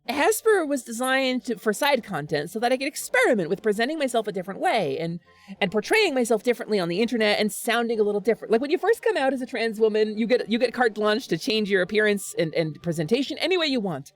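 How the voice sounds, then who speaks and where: A woman streamer chatting casually with her viewers, earnest and animated, laughing often and restarting her sentences. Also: fairly high pitch, fast talker, soft background music.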